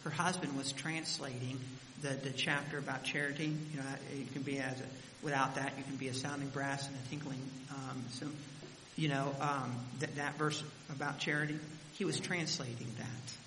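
A man's voice: mid-range voice, flat delivery, moderate pace, bright, forceful tone. A man preaching a sermon, telling the story dramatically, his voice rising and dropping with the scene. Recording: echoey hall with faint hiss.

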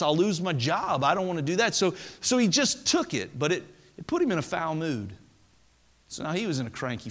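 Male pastor, sermon, earnest storyteller, fairly high voice, long church reverb. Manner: earnest storytelling, dropping soft for emphasis. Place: church sanctuary with a congregation.

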